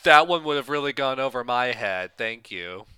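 A man co-hosting a casual movie-review chat, retelling scenes with sarcastic, animated restarts. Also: mid-range voice, normal speed, clean tone, no room sound. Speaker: podcast co-host.

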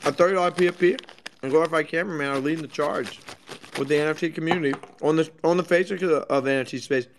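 A man's voice: fairly high pitch, fast talker, noisy background. A man co-hosting a crypto podcast, ranting sarcastically and swearing a lot in casual banter. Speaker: podcast co-host.

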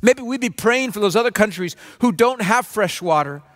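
A pastor delivering a sermon in an earnest, preacherly way, acting out grumbling voices. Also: male voice, high-pitched, lively intonation, normal speed, fairly bright tone. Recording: long reverb of a large room.

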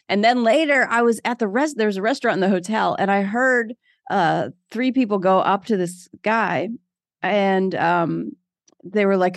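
Lively self-deprecating woman, dry close sound. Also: mid-range voice, normal speed, no room sound. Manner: animated, self-deprecating, laughs often. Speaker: guest. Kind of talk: casual interview storytelling.

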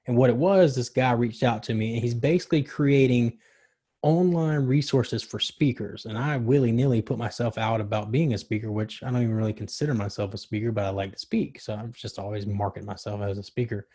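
A young man in casual chat, telling stories in a rambling, excited way with slang and swearing. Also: mid-range voice, a little fast, slightly rough. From Charlotte, North Carolina area.

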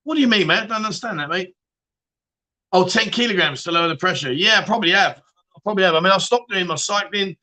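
A man's voice: high voice, fast talker, sharp tone. A man hosting a casual livestream chat show, reading viewer comments and joking around with frequent laughs and swearing.

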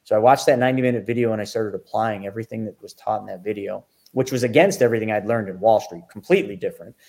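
A middle-aged man, a guest on a podcast, spins his story with energy, jumping in pitch as he acts out his own past reactions. His talk is casual and quick to swing between hushed asides and bursts of excitement. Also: gravelly. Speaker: podcast guest, financial educator. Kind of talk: animated storytelling.

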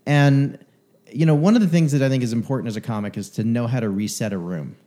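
A man's voice: mid-range voice, fast, dark tone. A man hosting a casual conversation with a fellow comedian, speaking earnestly with plenty of fillers. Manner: earnest, filler-heavy phrasing.

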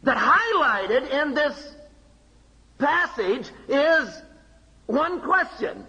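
A man preaching a sermon, emphatic, with rhetorical questions and dramatic pauses. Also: very high-pitched, expressive, bright, forceful tone, dull audio. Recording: long hall reverb.

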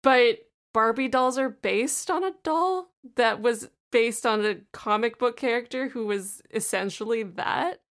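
A woman's voice: a little high, measured pace, hardly any pauses. Chatty laughing woman podcast co-host. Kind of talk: casual chat.

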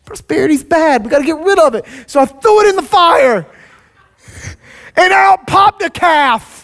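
Guy doing a whiny self-pitying old-time leader, pitched up high, begging not to get blamed. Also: animated, normal speed, gravelly, a bit bright, full character voice. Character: whiny, excuse-making male Bible leader.

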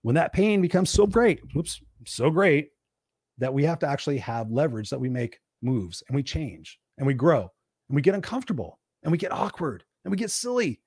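Speaking brisk and a little mellow with a slightly rough edge, this parent and weekly live-stream host swings his pitch widely. Worn out and burned out, he preaches motivation, fields his own questions, and mimics whiny complaints in a high voice. Studio-quality audio, dry.

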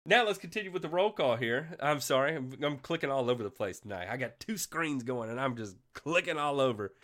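Congested from a sinus infection and coughing, a man hosts a casual livestream and fires off energetic shout-outs to viewers. His pitch is medium and his pace brisk.

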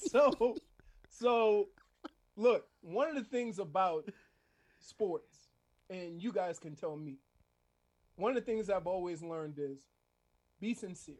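A man's voice: sits high, animated, slow pace, long pauses. Easygoing man. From Louisiana. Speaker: former football player, guest. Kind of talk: casual radio chat.

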